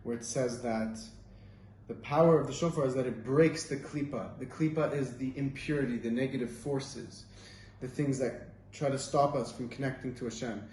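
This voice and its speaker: A man's voice: medium pitch, steady tone, normal speed, a little mellow, a little hiss or hum. A man giving an informal Torah talk, telling stories in a casual, rambling way with many fillers. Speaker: Torah teacher. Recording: roomy, distant mic, faint ambience.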